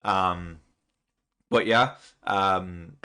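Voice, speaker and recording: A man's voice: low-pitched, extremely slow, sharp tone, clean tone. A man casually recapping a comic chapter, rambling with lots of fillers and frequent chuckles. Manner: chuckles often, loose and rambling with many fillers. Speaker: manga reaction channel host.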